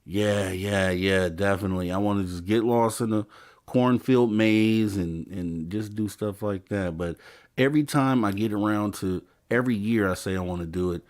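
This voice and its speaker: A man hosting a late-night call-in show, chatting in a relaxed, rambling way. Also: on the low side, normal speed. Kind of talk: casual chat.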